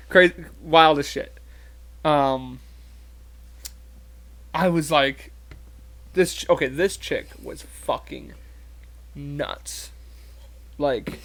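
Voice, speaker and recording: Young guy podcast co-host, bit high voice, crude and laughy, says like a lot. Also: vocal fry, a bit bright. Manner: crude, laughing storyteller, full of "like". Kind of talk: casual chat.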